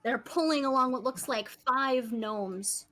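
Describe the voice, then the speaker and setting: A woman runs a tabletop game as dungeon master, describing rooms and tunnels. Her voice sits a little high and she keeps breaking into laughter as she narrates. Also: a little slow, a bit bright, poor audio. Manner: laughs often while narrating.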